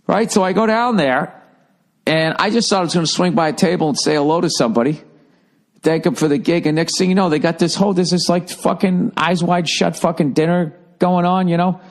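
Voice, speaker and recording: A man's voice: high-pitched, fairly quick. A man in his forties, a comedian hosting his podcast, telling a rambling, profane story in a sarcastic, casual monologue. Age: 40s.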